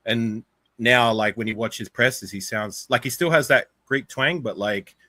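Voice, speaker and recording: A man's voice: medium pitch, unhurried, pushed and bright, dry recording. A man with an Australian accent, a guest in a casual sports chat, arguing his point and saying "like" often. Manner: argumentative, uses "like" often.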